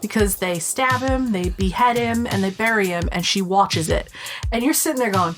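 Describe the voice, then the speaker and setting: Woman, podcast co-host, casual chat, animated, swears, music in the background. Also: medium pitch, normal speed. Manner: animated, swears freely, acts out quotes.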